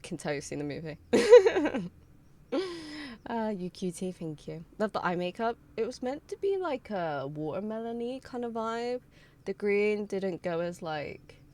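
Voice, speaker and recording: A woman's voice: fairly low pitch, mellow. A woman streamer in casual live-stream chat, greeting her viewers one by one and sounding tired. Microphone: streaming mic with headphones on. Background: faint chill background music.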